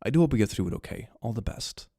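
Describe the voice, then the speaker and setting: Animated young man chatting on stream. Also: fairly low pitch, quick pace, gravelly, breathy edge, dry recording, studio quality. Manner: animated, giggly, swings from hushed to excited. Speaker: streamer reading fan memes. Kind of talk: casual livestream chat.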